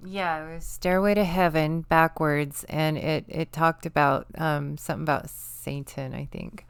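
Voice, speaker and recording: A woman's voice: sits low, fairly even intonation, unhurried, gravelly, clear, resonant tone, no echo. A woman co-hosting a casual online show, chatting to viewers with hesitant, agreeable remarks. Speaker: channel co-host.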